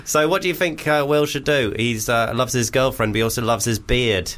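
A man's voice: medium pitch, brisk, a bit bright. A man co-hosting a comedy radio show, bantering and laughing easily. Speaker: radio co-host.

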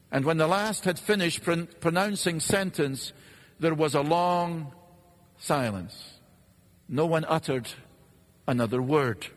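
A man preaching a sermon in an earnest, measured way, posing rhetorical questions and pausing for effect. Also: on the high side. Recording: long reverb of a large hall.

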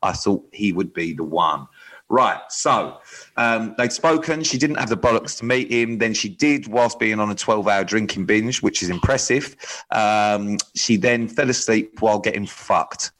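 A man hosting a podcast in casual chat, hesitant and dry, with many pauses and ums. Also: on the low side, fairly bright tone, low-quality recording. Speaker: podcast host.

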